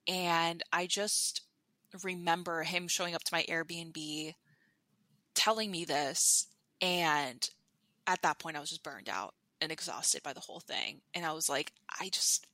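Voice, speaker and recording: Chatty woman with a bright voice. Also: low-pitched, fairly even intonation, measured pace, no echo. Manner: chatty, many fillers and restarts. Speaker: podcast guest. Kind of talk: candid storytelling.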